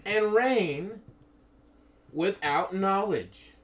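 A man's voice: sits high, expressive, very slow. A man in his thirties teaching from the Bible to a small group, emphatic and full of questions to his listeners. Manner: emphatic, repeatedly calls for attention, asks the listeners questions.

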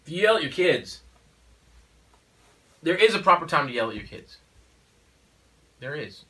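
A man's voice: fairly high pitch, sing-song, moderate pace, pushed and bright, recorded from a distance, low-quality recording. A man and father of four speaking in a casual conversation, in an emphatic, preachy way with frequent "you know" and "okay?". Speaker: father of four sharing parenting views.

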